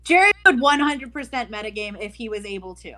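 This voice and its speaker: A woman's voice: on the high side, animated, a little fast, crowd noise. A woman playing a tabletop game, teasing the others and laughing. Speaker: player. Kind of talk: casual tabletop game chat.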